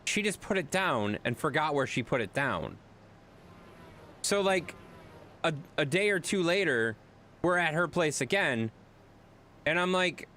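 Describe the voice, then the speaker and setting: A man, animated, rambling streamer. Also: fairly high pitch, a little slow, pauses often. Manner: rambling, animated storyteller addressing chat. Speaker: gaming streamer. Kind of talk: casual live-stream chat.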